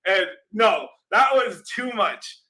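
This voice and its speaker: A man hosting a casual vlog, telling an animated, profane story with lots of laughing asides. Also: high-pitched, slow, slight background noise. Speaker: crypto channel host.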